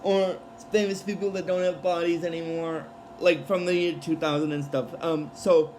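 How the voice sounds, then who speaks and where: A man's voice: a little high, little pitch movement, normal speed, darkish tone, slight background noise, low-quality recording. A man giving a casual episode recap, rambling with many fillers and restarts. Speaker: show recap vlogger.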